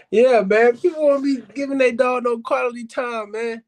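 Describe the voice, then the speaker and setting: Blunt high-voiced man talking dogs. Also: steady tone, moderate pace. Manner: talks straight to viewers, calls them fam and y'all; blunt, emphatic, repeats himself for stress. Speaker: dog breeder and podcast host. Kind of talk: casual advice talk to viewers.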